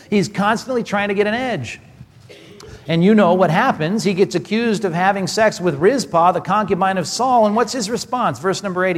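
A man's voice: on the high side, big-room sound. A pastor giving a conversational sermon, asking rhetorical questions as he preaches.

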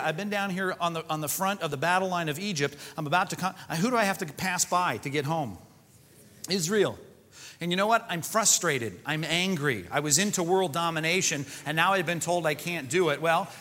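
Animated male preacher, bright forceful voice, slightly high, long hall echo. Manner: animated storytelling with conversational asides. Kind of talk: sermon. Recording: echoey large hall.

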